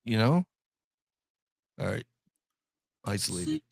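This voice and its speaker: A man's voice: fairly low pitch, very animated, slow, gravelly, breathy edge, dry recording, clean studio sound. A man from Ohio co-hosting a podcast in casual chat, joking, laughing often and repeating his words. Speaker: podcast co-host.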